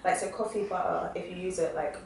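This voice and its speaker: A woman's voice: on the low side, steady tone, fairly quick, creaky, a little mellow. Chatty young woman in an echoey room. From England. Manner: chatty, rambling, many fillers. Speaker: guest musician. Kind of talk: casual podcast chat. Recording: echoey room, distant mic, faint noise.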